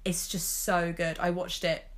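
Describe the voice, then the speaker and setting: A woman's voice: fairly low pitch, little pitch movement, unhurried, fairly bright tone. A young Englishwoman co-hosting a podcast, chatting casually and gushing about shows, full of "like" and "oh my God". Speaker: podcast co-host. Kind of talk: casual chat.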